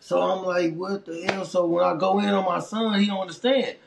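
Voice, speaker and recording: A middle-aged man from Los Angeles with a local accent, telling his life story in a casual, animated, streetwise and heartfelt way as an interview guest. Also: sits high, moderate pace, creaky, echoey room, background noise.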